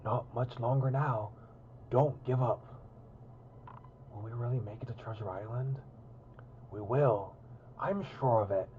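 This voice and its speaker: A man voicing an energetic, childish young man who plays a pirate captain, using a put-on pirate accent with bold, playful delivery. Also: mid-range voice, a little slow, long pauses, narrow, tinny audio, a little hiss or hum, lightly acted. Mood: encouraging. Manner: bold, boisterous storytelling.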